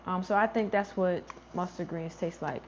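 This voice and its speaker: A woman's voice: on the low side, normal speed, darkish tone, a little hiss or hum. Chatty woman hosting a garden livestream. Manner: chatty, thinks aloud, trails off and restarts. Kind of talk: casual livestream chat, answering viewer comments. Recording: slightly dull lo-fi livestream audio.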